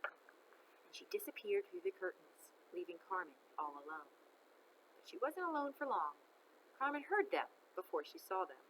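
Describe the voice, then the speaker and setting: A woman reading a children's novel aloud, expressive and chatting to listeners between chapters. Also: fairly low pitch, moderate pace, a little hiss or hum, rough recording.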